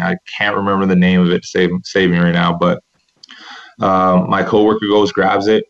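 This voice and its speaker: A man's voice: low voice, flat delivery, normal speed. A man who played basketball professionally overseas, telling a personal story in an earnest, rambling way with many restarts, seated at a table. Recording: dull, muffled recording.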